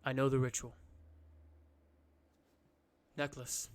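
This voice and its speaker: A man voicing a calm old seer who speaks in a hushed way at a ritual. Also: medium pitch, takes it slowly, smooth, lightly acted.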